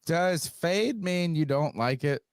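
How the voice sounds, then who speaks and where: A man's voice: on the high side, expressive, slow, smooth, dry recording, clean studio sound. Playful male podcast host. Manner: playful, joking. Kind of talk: casual sports podcast chat.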